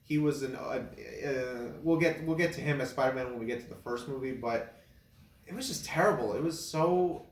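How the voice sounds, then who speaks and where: A man in casual chat ranking films, rambling with many fillers and breaking into loud incredulous laughter. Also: medium pitch, a little fast. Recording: echoey room.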